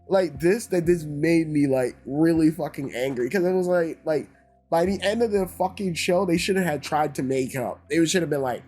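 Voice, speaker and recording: A man's voice: fairly high pitch, moderate pace, a little mellow, soft background music. A man giving a casual, ranting review, swearing heavily and sounding exasperated. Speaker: YouTube reviewer.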